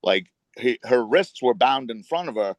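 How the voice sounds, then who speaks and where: A man co-hosting a casual wrestling talk show, animated and full of slang like "dude". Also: medium pitch, moderate pace, no room sound. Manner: animated, says "dude" and "friggin'" a lot. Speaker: wrestling podcast co-host. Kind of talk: casual chat.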